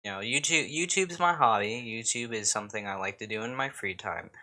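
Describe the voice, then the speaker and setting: A man's voice: on the low side, brisk, sharp tone. A man from the United States rambling casually to camera as a YouTuber, swearing often and poking fun at himself. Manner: rambling, swearing and self-mocking. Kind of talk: casual vlog chat.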